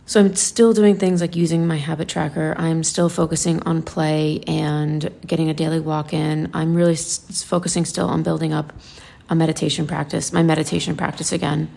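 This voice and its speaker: A woman's voice: deep voice, flat delivery, moderate pace, creaky, dark tone. A woman talking casually in a vlog, chatty and rambling, with lots of fillers and restarts as she shares her routines. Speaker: lifestyle vlogger.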